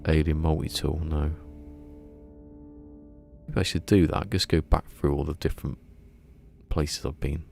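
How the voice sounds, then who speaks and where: Very deep gravelly streamer. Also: male voice, steady tone, measured pace, long pauses, darkish tone, soft background music. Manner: rambling, muttering to himself. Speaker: game streamer. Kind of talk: casual live gameplay commentary.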